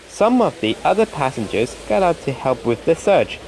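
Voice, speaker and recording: Brief: male storybook reader, slightly higher voice, very lively intonation. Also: normal speed, few pauses, slightly rough, no room sound. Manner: expressive, storybook delivery. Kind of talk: reading a children's storybook aloud.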